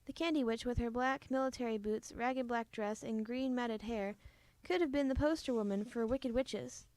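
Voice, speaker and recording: A woman with a high, light voice reads a children's storybook aloud, gentle and expressive. Her voice sounds close and dry, with no echo. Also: normal speed. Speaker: storybook reader. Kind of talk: reading a children's book aloud.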